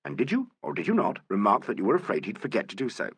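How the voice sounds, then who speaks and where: A man voicing a polite, urbane police inspector who questions suspects with gentle irony, in an audiobook. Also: on the low side, huge pitch swings, fast talker, breathy edge, dry recording, heavily acted. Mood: questioning. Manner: courteous, urbane, gently ironic. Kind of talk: audiobook character voice.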